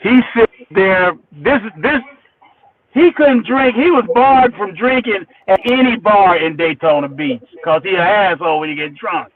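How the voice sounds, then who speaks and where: A man, a musician, telling a long story in a profane, animated way, stumbling over false starts. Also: high-pitched, a little slow. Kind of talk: casual storytelling. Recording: tinny phone-like radio sound.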